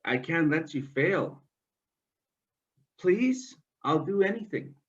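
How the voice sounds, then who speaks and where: A man's voice: on the high side, lively intonation, takes it slowly, distant mic, pitched above the performer's own voice. A man voicing a male trickster creator figure who speaks in a raised, fretful, pleading tone, in a dull lo-fi recording.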